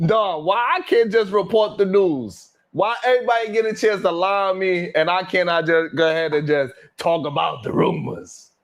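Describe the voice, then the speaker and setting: A male livestream host who rambles and laughs as he reads out chat names, talking in with plenty of swearing. His voice sits a little higher than most men's. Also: steady tone, moderate pace, gravelly, hardly any pauses.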